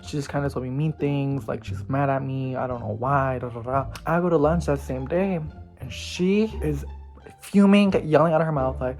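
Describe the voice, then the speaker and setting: Young male vlogger, gossipy storytime, lively slangy delivery, soft music underneath. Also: medium pitch, moderate pace, creaky. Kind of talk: casual storytime.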